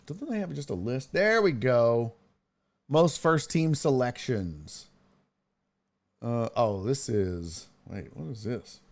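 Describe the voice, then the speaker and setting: Lively, profane man hosting sports talk. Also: mid-range voice, takes it slowly. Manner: animated, profane, reads chat aloud and jokes. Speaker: sports talk show host. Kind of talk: casual live-stream sports talk.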